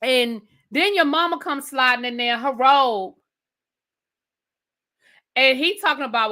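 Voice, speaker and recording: Incredulous, bright-voiced woman ranting. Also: high-pitched. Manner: blunt, incredulous, rapid-fire rhetorical questions. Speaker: TV review host. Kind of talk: casual rant review.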